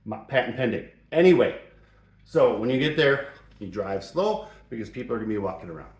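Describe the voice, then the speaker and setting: A man's voice: mid-range voice, animated, a little fast. Playful mock-serious man in an echoey room. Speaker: host. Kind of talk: joking advice talk. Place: home shop or garage. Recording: roomy echo.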